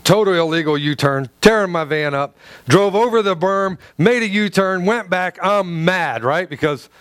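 Man, preacher, storytelling sermon, slightly high voice, dry sound, repeats words and restarts. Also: normal speed, fairly bright tone, clear, resonant tone, no echo. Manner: acts out quoted dialogue in his stories.

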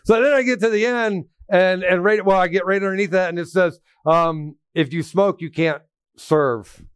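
A man's voice: high voice, normal speed, smooth, dry recording. A middle-aged man preaching a sermon, telling personal stories with asides to the congregation. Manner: folksy storytelling with asides to the congregation. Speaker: pastor.

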